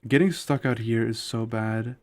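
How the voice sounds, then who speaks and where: Guy streaming a game and rambling to chat, says "like" constantly, blunt opinions, average pitch. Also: moderate pace, darkish tone, slight background noise. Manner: rambling, loose, with constant "like" fillers; opinionated and candid. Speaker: live streamer. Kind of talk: casual live-stream chat while gaming.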